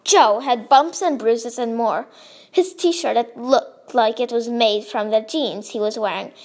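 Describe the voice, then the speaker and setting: A woman reading her own story aloud in a lively, expressive way. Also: fairly high pitch, measured pace.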